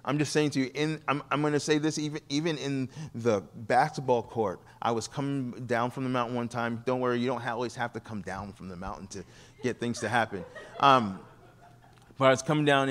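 Animated man telling sermon stories. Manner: animated, acts out quoted people with shifting pitch. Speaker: guest preacher. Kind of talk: sermon storytelling.

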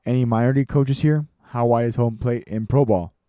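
A man's voice: mid-range voice, fairly quick, dark tone, dry recording, studio quality, natural voice. A man voicing an irascible 78-year-old baseball coach who barks questions at a crowd of coaches. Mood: gruff lecturing. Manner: barking, bellowing questions at a crowd.

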